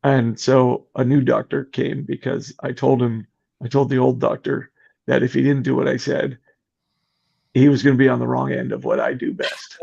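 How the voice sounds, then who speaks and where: A middle-aged man with a deeply gravelly, husky voice tells a story in a casual podcast chat, lively and acting out what others said. The audio is muffled and lo-fi. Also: normal speed. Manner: animated, acts out quoted voices. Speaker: podcast guest.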